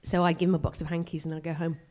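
A woman doing a live stand-up set on a theatre stage, self-mocking and excitable, tripping over her own restarts. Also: low voice, racing. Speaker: stand-up comedian.

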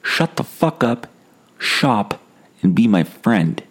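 A man's voice: on the low side, big pitch swings, slow pace, slightly rough, pitched above the performer's own voice, heavily acted. A man voicing a pushy male stranger who nags and then turns threatening, in an improvised story. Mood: menacing. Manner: insistent, nosy, then threatening.

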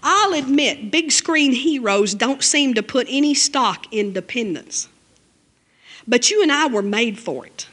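A woman preaching a sermon and reading scripture aloud, emphatic and conversational, with her voice jumping up high on key phrases. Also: lively intonation, a little slow, a bit bright, slightly rough. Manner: conversational asides, 'you know'.

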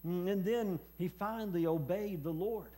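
A man preaching a personal testimony sermon, speaking haltingly with many fillers and repeated words. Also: high voice, mellow. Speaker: preacher and former hospice chaplain.

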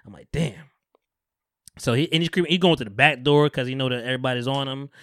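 Guy on a podcast retelling a tv show, acts out the lines, smooth voice, dry close mic. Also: medium pitch, fast, no echo. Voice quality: profane, loose slang-heavy delivery. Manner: animated storyteller, acts out characters' lines in voices. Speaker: podcast host. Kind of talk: casual chat recapping a TV show.

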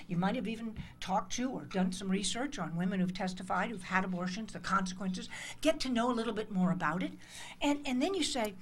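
Her voice on the high side, with a bit of hiss or hum, an American woman in her sixties speaks to interns in a conference hall. The motivational speech is emphatic and passionate, with dialogues she performs.

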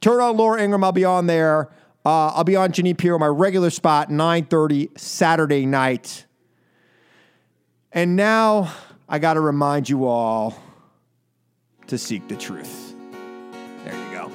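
A man hosting a call-in radio show from a studio, animated and laughing, often repeating himself. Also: on the high side, normal speed, clear, resonant tone, soft background music. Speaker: radio talk show host.

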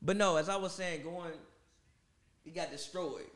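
A man's voice: sits high, normal speed, fairly bright tone. A young man co-hosting a casual sports debate, insistent and repeating his points over the others. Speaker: co-host.

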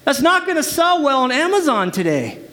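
Male preacher with a strikingly high voice, emphatic sermon delivery with call-and-response. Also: big pitch swings, normal speed, sharp tone. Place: church service.

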